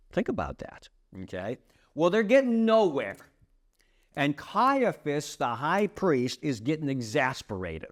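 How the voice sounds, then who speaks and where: A man leads a podcast Bible study in a lively, swooping voice that climbs and dips a lot, set a touch high for a man. He takes his time and lays each point out slowly. He tells the story with emphatic drama and keeps checking in with his listeners. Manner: peppers explanations with checking tags like "okay?" and "right?".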